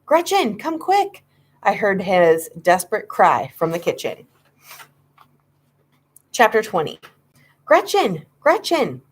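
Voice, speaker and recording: A woman voicing a frightened, excitable young boy who calls out in a high, frantic voice, as in a storybook reading. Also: measured pace, pauses often.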